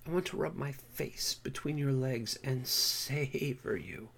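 A man's voice: mid-range voice, a little slow, vocal fry, a bit bright, slight background noise. A man reading the lines of a submissive young man who begs eagerly. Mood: pleading. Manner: begging, eager.

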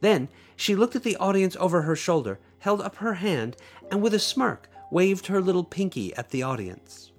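A man hosting a podcast, reading his own short story aloud in an expressive storytelling way, with playful asides to listeners. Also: high voice, normal speed, faint music behind. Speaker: podcast host and author.

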